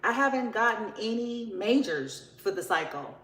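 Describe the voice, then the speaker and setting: A woman's voice: on the high side, lively intonation, normal speed, fairly bright tone, echoey room, rough recording. Blunt, profane woman reading tarot. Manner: blunt, profane, laughing, drawling. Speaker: tarot reader. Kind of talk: casual tarot reading monologue.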